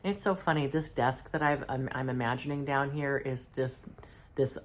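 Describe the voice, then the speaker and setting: A middle-aged woman, unwell, calmly recounting a spiritual channeling session in a halting, reflective way, clearing her throat now and then. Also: a bass voice. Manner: halting and reflective, with many fillers and restarts. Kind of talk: casual first-person account.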